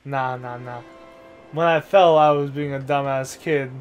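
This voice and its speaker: A man's voice: medium pitch, steady tone, measured pace, smooth, muffled recording. Give me a young man co-hosting a gaming video, telling crude joking stories full of swearing, with faint game music behind. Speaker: co-host of a gaming show. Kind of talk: casual let's-play banter.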